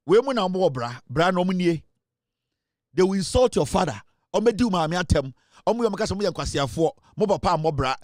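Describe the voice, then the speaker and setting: Ghanaian man, angry online rant, higher voice, dry close sound, scornful mix of English and Twi. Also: sing-song, a little fast, a little mellow, no echo. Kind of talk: angry social media rant.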